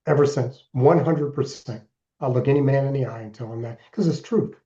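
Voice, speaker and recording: A man in his sixties speaks as a podcast guest, recounting his past earnestly and deliberately, now and then pressing hard on a word. His voice is mellow and dark. The recording is a bit dull and lo-fi. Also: mid-range voice. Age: 60s. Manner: earnest, deliberate storytelling with emphatic bursts. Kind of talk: personal story in interview.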